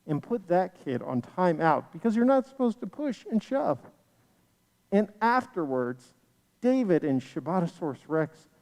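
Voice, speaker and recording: An animated storyteller tells a children's tale in a sing-song way. The voice is mellow and swoops widely in pitch. It rings out with the long reverb of a large sanctuary. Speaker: storyteller at a congregation livestream. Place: synagogue sanctuary.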